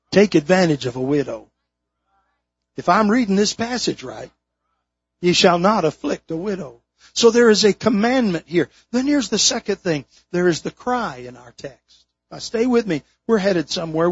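A man preaching a sermon from the pulpit, stressing key words and slowing down on them, his throat strained. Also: high-pitched, husky, no echo. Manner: emphatic preaching, dwelling slowly on key words. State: throat strain, holding back tears. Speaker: pastor. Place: church sanctuary, from the pulpit. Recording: dull lo-fi sermon recording.

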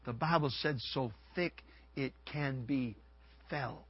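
A man preaching a sermon, moving between hushed low passages and loud, shouted dramatic ones. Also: slow, husky, muffled recording.

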